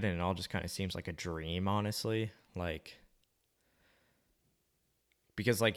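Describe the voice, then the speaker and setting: A young man with a very deep voice talks in a loose, rambling monologue. He muses aloud in a laid-back, slangy manner and swears casually as he drifts from thought to thought.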